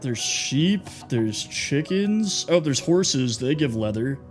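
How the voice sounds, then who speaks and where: A man's voice: mid-range voice, animated, slow pace, soft background music. A man live-streaming a building game, chatting casually and teasing his viewers as he reads their messages. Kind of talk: casual gameplay live stream, reading chat.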